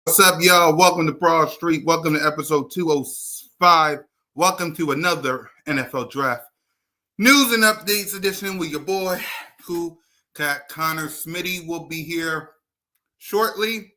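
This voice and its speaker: A man hosting a casual sports livestream, shouting out viewers by name in a hyped, chatty way, a little out of breath. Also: on the high side, measured pace. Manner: hypes viewers, shouts out names. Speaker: host.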